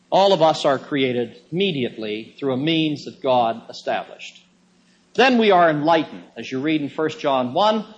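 Emphatic male preacher, slightly high voice. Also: dull audio. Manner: emphatic, with sudden rises in pitch for stress. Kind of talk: sermon.

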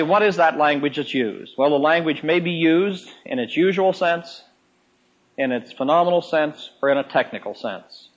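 A man delivers a folksy Bible lesson, repeating his key phrases and slowing down to explain each point. His voice is husky and sits in a middle pitch. The recording sounds dull and lo-fi. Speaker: preacher and teacher. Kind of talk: sermon-style Bible lesson.

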